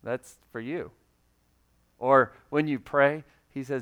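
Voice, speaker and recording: A man's voice: mid-range voice, fairly even intonation, slow pace, pauses often, clear, resonant tone, narrow, tinny audio. A man preaching a sermon in a conversational way, reading scripture and now and then acting out quoted voices. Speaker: pastor.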